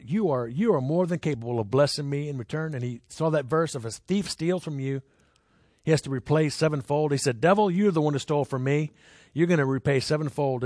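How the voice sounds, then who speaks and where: Male preacher telling stories to a congregation, slightly high voice, dry close sound, chatty with the crowd. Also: a little mellow, no room sound. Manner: conversational, asks the crowd questions; jumps into high voices when acting out people. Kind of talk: sermon with personal stories.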